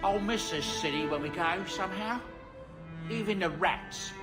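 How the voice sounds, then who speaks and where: A man's voice: high-pitched, moderate pace, loud music behind the voice, close to an everyday voice. An actor playing an aging dwarf manservant in a game, chatty and fatherly, rambling along with chuckles. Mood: fond. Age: older.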